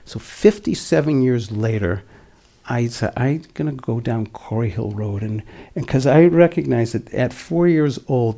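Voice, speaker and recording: A man in his sixties from the Boston area, giving a gentle, reflective dharma talk whose voice often drops to a near whisper. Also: medium pitch, vocal fry, breathy edge. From Boston area, USA. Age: 60s. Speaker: meditation teacher.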